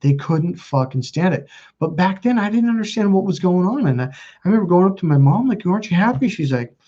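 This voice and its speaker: A man's voice: high-pitched, lively intonation, fairly quick, warm tone. Swearing emphatic man, dull lo-fi sound. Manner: swears freely, restarts sentences, emphatic. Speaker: self-help channel host. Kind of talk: casual livestream talk.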